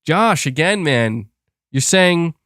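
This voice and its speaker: Excitable young man rambling on a podcast. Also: fairly high pitch, slow pace, no room sound, clean studio sound. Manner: rambling, excitable, frequent restarts and laughs. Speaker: podcast host reading super chats. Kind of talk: casual live-stream chat.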